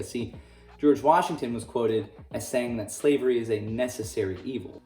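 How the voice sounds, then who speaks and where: A man's voice: medium pitch, darkish tone. A man teaching a casual history lesson, full of jokey, sarcastic asides. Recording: roomy echo, distant mic, faint music.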